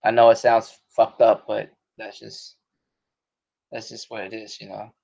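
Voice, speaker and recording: A man's voice: on the low side, level tone, a little slow, gravelly, a little mellow, a little hiss or hum. A man hosting a casual podcast chat, talking in loose slang with plenty of cursing and frequent laughter. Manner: profane, slangy, laughs often. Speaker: podcast host. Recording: dull lo-fi podcast audio.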